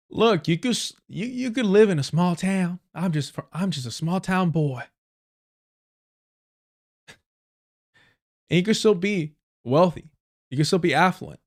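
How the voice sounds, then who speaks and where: A man hosting a live stream, reacting to clips in heated, sarcastic, profanity-laced commentary. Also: fairly high pitch. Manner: heated, sarcastic, swears a lot. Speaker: livestream commentator.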